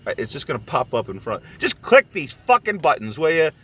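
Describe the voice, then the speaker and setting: A man's voice: a little high, sing-song, fairly quick, a bit bright, husky. A man hosting his own video, telling a story in a casual, heavily profane rant. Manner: swears heavily, acts out quotes. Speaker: video host and movie reviewer.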